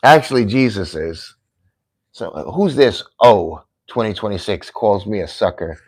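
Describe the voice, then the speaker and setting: A man with a New York accent talking casually on a livestream, preachy and heated, going from low murmurs to loud rants. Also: expressive, measured pace, husky. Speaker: livestream host. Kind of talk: casual livestream monologue reading chat.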